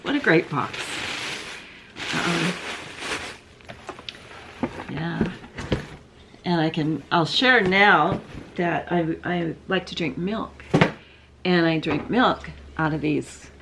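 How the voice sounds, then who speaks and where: A woman's voice: fairly low pitch, slow pace, pauses often, very noisy. An older woman vlogging from home, chatting casually and rambling, with frequent fillers and restarts. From Southern California. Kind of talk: casual unboxing chat.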